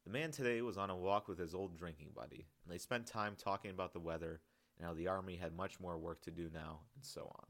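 Low gravelly male audiobook narrator. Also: fast talker, a bit bright. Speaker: author reading his own novel.

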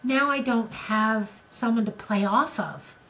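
A woman's voice: fairly high pitch, a little slow, fairly bright tone, poor audio. An older woman co-hosting a podcast, talking candidly and emotionally in casual conversation, with frequent restarts. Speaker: podcast co-host.

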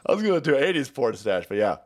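A man's voice: medium pitch, big pitch swings, fast. A man ranting crudely on a live stream, mocking and often breaking into laughter. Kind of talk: profane ranting commentary.

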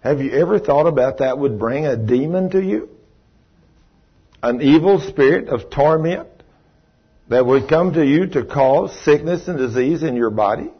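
A man's voice: fairly high pitch, animated, moderate pace, breathy edge, highs cut off. A man preaching a sermon to a live congregation, telling folksy stories and asking the audience questions.

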